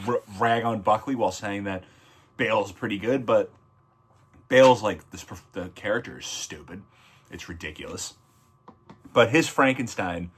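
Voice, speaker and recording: A man's voice: fairly low pitch, fairly bright tone, slight background noise. A man giving a casual, blunt film review, rambling and correcting himself mid-sentence. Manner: blunt and opinionated. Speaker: movie reviewer.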